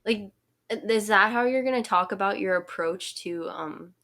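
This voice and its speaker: A woman's voice: medium pitch, measured pace, a bit bright. Wry young woman co-hosting a podcast. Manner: laid-back, wry, lots of "like" fillers. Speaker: podcast co-host. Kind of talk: casual chat.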